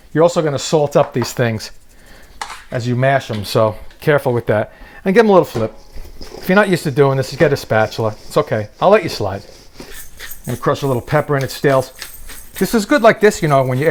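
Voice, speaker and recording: The clip features a man running a comedic kitchen cooking demonstration, full of jokes and teasing remarks to viewers. His voice is medium in pitch, with a little hiss or hum on the recording.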